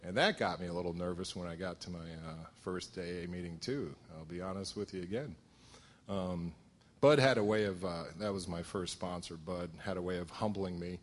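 Low-voiced man sharing his story, joking. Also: steady tone, normal speed, slight background noise. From southern Connecticut. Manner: humorous, self-deprecating storytelling with many fillers. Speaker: recovery meeting speaker. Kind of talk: personal testimony at a support meeting.

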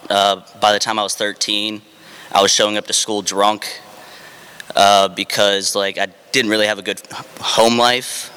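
Ex-Marine storyteller, frank and self-mocking, crisp and forceful tone. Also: male voice, lowish voice, flat delivery, measured pace, in a large hall. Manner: frank and self-deprecating, with fillers and dry humor. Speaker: former Marine sharing his drinking story. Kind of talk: candid personal storytelling.

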